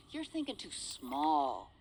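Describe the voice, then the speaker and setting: An actress voicing a blunt, strong-willed female mercenary in a video game, talking in a gruff, bossy, sardonic way. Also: deep voice, wildly swooping pitch, drawn-out words, darkish tone, slight background noise, heavily acted, low-quality recording. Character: tough, blunt woman survivalist mercenary.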